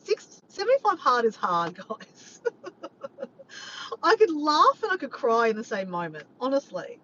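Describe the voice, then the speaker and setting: Animated woman chatting, lively swings in pitch. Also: a little slow. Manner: animated, swears often, keeps addressing "guys". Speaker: vlogger doing a live stream. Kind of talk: rambling casual chat to viewers. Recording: slightly muffled, faint background noise.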